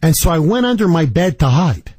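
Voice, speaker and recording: High-voiced talk radio host, indignant. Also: male voice, a little fast, breathy edge, no echo. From Canada. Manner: animated storytelling, indignant. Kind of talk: talk radio monologue and calls. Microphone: studio microphone.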